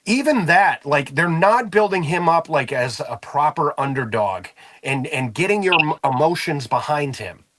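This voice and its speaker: A man's voice: a little high, lively intonation, moderate pace, very noisy. A man co-hosting a wrestling podcast, complaining bluntly and casually with swearing. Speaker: podcast co-host. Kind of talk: casual wrestling talk show chat.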